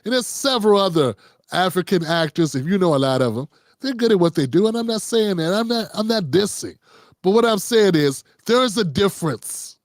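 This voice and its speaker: A man's voice: high-pitched, lively intonation, brisk, no echo, studio quality. A man hosting unscripted political commentary, talking casually and riffing, slipping into quoted voices.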